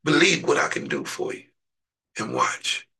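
Gravelly, impassioned male preacher. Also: a little high, huge pitch swings, unhurried, far from the mic. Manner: impassioned, surging from hushed to shouting. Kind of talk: sermon with prayer.

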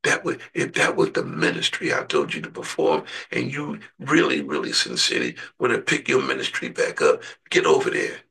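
Man preaching hard, deep gravelly voice, husky, swings all over, mic a bit far off. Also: wildly swooping pitch, moderate pace, few pauses. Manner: impassioned, surging from hushed to shouting. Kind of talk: sermon with prayer.

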